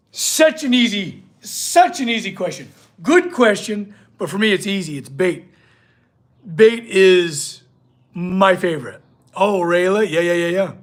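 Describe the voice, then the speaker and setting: A man hosting a casual livestream from his workshop, chatting with viewers and talking to his dog. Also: high voice. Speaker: blacksmith livestream host.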